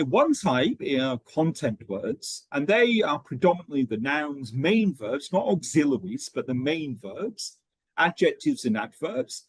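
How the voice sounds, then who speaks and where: Man, teacher trainer, husky tone, dry close sound, explanatory, frequent "okay?". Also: medium pitch, no echo. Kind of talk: pronunciation teaching webinar.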